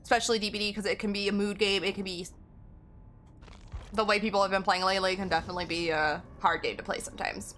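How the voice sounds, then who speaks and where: A woman's voice: mid-range voice, fairly even intonation, fast, fairly bright tone, slight background noise. A woman game streamer in casual live-stream chat, rambling and giggling as she talks to her viewers.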